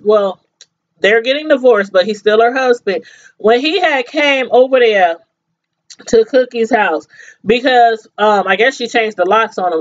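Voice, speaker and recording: High-voiced animated woman recapping a show. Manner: animated, laughs often, acts out the characters' lines. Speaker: TV show reviewer. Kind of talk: casual chat recapping a TV episode. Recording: slightly dull, lo-fi sound.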